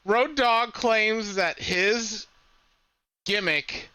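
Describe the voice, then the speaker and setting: A man's voice: high-pitched, drawn-out words, pushed and bright, clean tone, no echo. A man co-hosting a casual podcast, telling stories chattily and often restarting his sentences. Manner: chatty storyteller, trails off and restarts. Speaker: podcast co-host.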